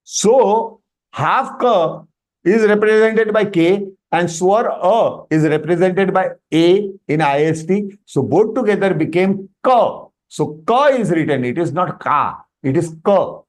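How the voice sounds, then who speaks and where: A man's voice: high voice, measured pace. A man with an Indian English accent teaching Sanskrit in an online class, explaining patiently and checking with students, slipping into Hindi phrases. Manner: animated explaining, often checks with "Am I right?".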